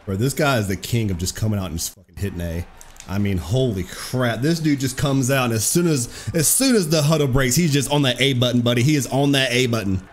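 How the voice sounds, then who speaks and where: A young man giving excitable, profane live commentary over his own football video game match, trash-talking his opponent. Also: medium pitch, brisk, slight background noise. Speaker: gaming streamer.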